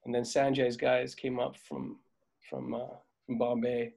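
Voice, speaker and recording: A middle-aged man spins loose, rambling anecdotes in a relaxed interview. His voice sits at an ordinary pitch, and he often trails off with fillers and chuckles as he recalls the work. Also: unhurried, vocal fry. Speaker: veteran dolly grip, guest. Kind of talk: casual interview storytelling.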